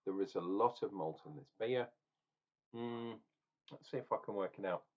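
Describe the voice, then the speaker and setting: A man's voice: on the low side, normal speed, muffled recording. A man ranting and tasting beer in a casual review vlog, opinionated and swearing now and then.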